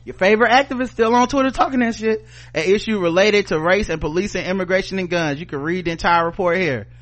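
Man, Southern US accent, high voice, heated sarcastic rant, lots of swearing, podcast co-host. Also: fast, fairly bright tone. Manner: heated, sarcastic, swears often, reads news aloud. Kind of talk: profane opinion podcast rant.

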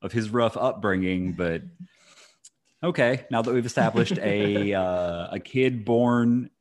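A man's voice: fairly low pitch, takes it slowly, a little mellow, a little hiss or hum. A young man co-hosting a casual podcast, dry and wisecracking. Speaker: podcast co-host.

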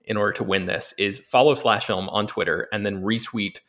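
A man hosting a film news podcast in a relaxed way, with many ums and uhs. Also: on the low side, brisk. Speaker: podcast host and film editor. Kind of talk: casual podcast chat with read ads.

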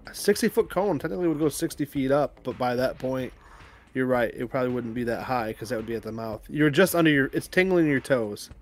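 A man's voice: mid-range voice, animated, a little fast. A man running a tabletop game as game master on a livestream, calling out rolls and damage in a matter-of-fact way with laughing asides.

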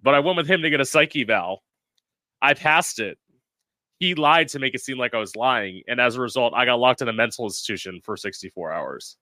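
A man's voice: mid-range voice, lively intonation, a little fast, pushed and bright, no room sound. Candid young man, dry close sound. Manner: candid, dramatic, profane. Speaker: guest. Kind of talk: telling a personal story.

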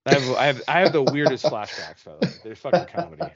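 A man's voice: medium pitch, fast talker, highs cut off, a crowd in the background. A man on a podcast casually telling a ghost story, profane and rambling, acting out his own reactions. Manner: profane, rambling, animated retelling.

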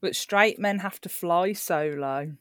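Slow-talking woman, dry close sound. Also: lowish voice, a bit bright, no room sound. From United Kingdom. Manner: laughs often, short agreeing replies. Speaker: guest co-host. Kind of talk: casual recap chat.

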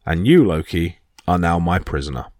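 A man's voice: deep voice, lively intonation, normal speed, a little mellow, dry recording, clean studio sound, pitched below the performer's own voice. Thrym, a man voicing a growling frost giant king. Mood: menacing. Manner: menacing, growling. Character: hulking cruel male frost giant king.

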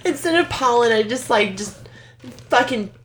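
A woman co-hosting a podcast in casual chat, blunt and quick with swearing banter. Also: a little high, animated, background noise. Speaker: podcast co-host.

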